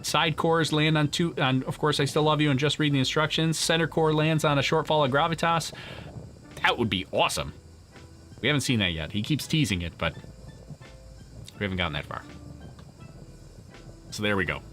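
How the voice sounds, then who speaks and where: Faint music plays behind this livestream host as he chats casually through a product launch, fielding viewer questions. His voice is a little high and somewhat bright, at a normal pace with long pauses, and he rambles, restarts, and laughs frequently.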